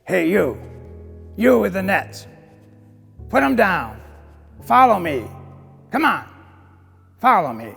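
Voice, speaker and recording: A man voicing a rough, sweaty desert man who barks short commands at fishermen in a gruff voice. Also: high-pitched, sing-song, slow, long pauses, a bit bright, long reverb tail, faint music behind, full character voice.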